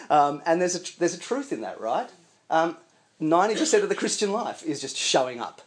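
A man preaching a sermon in an animated, conversational way with chuckling asides. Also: sits high.

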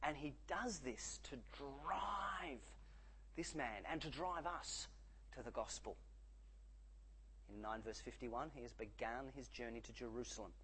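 Male preacher, husky, highly animated delivery. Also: rough recording. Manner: animated, acts out quoted voices. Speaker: pastor. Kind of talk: sermon.

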